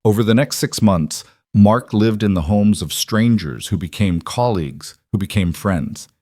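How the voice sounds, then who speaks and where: A man narrates a scripted drama in a calm, measured cadence. His voice sits on the low side, and the recording is dry and close, with no room around it. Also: dry recording. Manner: steady, measured storytelling.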